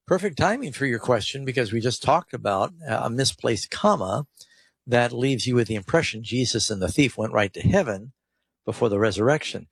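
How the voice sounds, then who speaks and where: A man's voice: medium pitch, expressive, fairly quick, slightly rough, dry recording. A man hosting a call-in Bible radio show, answering questions and reading scripture aloud with stressed emphasis. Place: radio studio.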